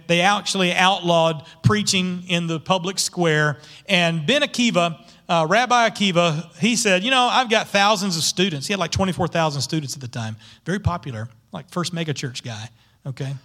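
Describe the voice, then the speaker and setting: A middle-aged man preaching from the pulpit in a bright, high voice. He is animated and keeps asking his congregation rhetorical questions. His tone is forceful and lively. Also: normal speed. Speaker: pastor. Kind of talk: sermon.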